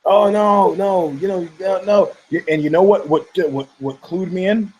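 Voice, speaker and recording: A man's voice: high voice, normal speed, a little mellow, slightly rough, low-quality recording. A man hosting a podcast, ranting casually about fight news in a rambling, profane way, laughing often and mocking people in put-on voices. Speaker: podcast host.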